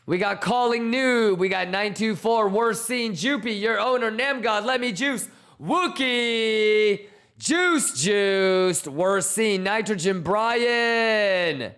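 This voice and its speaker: A man with a high, bright voice running a trading livestream. He talks in an unhurried way, firing off slangy shout-outs to his viewers with loose, hyped energy. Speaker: crypto trading streamer. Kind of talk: casual livestream chat.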